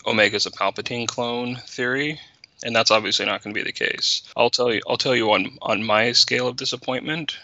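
A man's voice: mid-range voice, steady tone, fairly quick, sharp tone, dry recording, highs cut off. A man co-hosting a casual podcast chat, wry and orderly as he recaps the plot. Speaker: podcast co-host.

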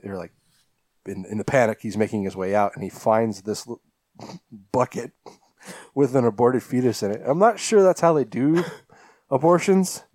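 A podcast co-host casually recaps a horror film, rambling with many ums, fillers, and restarts. His voice is on the low side with a dark tone and no echo.

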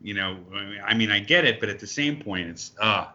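A man's voice: lowish voice, lively intonation, brisk, sharp tone. A man co-hosting a podcast in casual chat, ranting heatedly and swearing often. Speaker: podcast co-host. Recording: dull lo-fi sound.

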